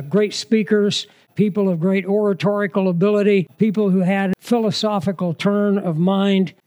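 A man's voice: high voice, darkish tone. A man preaching a sermon in a conversational manner, mixing scripture reading with humorous asides.

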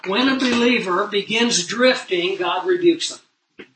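A middle-aged man preaching a sermon in an earnest storytelling way, swinging between loud emphasis and low asides. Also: a little slow, background noise.

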